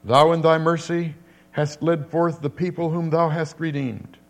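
A man's voice: fairly high pitch, level tone, measured pace. An older man preaching a sermon, earnest and repeating phrases for emphasis, rising to emphatic declamation when quoting scripture.

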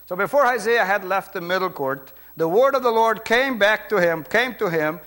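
Brief: middle-aged Brazilian-accented male pastor, high voice, emphatic sermon delivery with quiet asides. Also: animated, moderate pace, hardly any pauses. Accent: Brazilian Portuguese. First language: Portuguese. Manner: emphatic, swings between loud preaching and quiet asides.

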